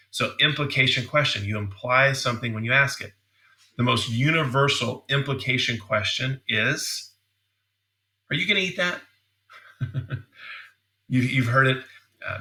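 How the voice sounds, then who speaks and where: A middle-aged man coaching dental teams in a training seminar, energetic and repeating words as he acts out example questions. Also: mid-range voice.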